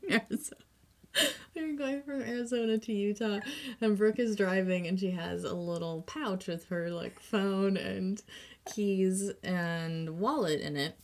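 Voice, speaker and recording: A woman co-hosting a casual podcast chat, telling stories with lots of laughter. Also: medium pitch. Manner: animated storyteller, giggly. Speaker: podcast co-host.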